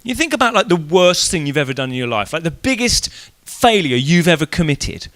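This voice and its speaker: A man preaches an evening church sermon in a casual, conversational way, animatedly telling the story and acting out the quoted voices. His voice is fairly high-pitched and brisk.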